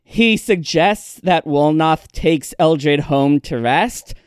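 A man on a podcast walks through a story recap at an unhurried pace. His voice is clean and smooth, recorded close and dry with no room sound, and he drops in wry asides. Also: fairly high pitch, no echo. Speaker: podcast host recapping episodes. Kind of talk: casual recap narration.

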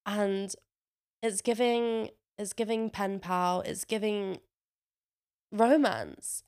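Swearing and saying "like" often, a somewhat congested young vlogger chats casually into her own microphone, which has a noise gate. She speaks slowly at a medium pitch, her tone darkish yet clean.

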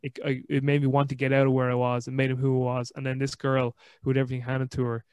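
Man hosting a podcast, smooth steady voice. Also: medium pitch, quick pace, no echo. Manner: rambling, restarts often, animated storytelling. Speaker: podcast host. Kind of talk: casual podcast conversation.

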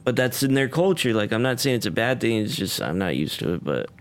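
A man's voice: medium pitch, very animated, quick pace. A man hosting a casual interview, curious and chatty, asking his guest many questions. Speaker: interview host.

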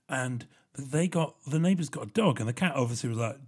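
A young man telling rambling personal stories in a casual solo vlog, animated and quick to swear and laugh. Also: medium pitch, slightly rough. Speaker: vlogger.

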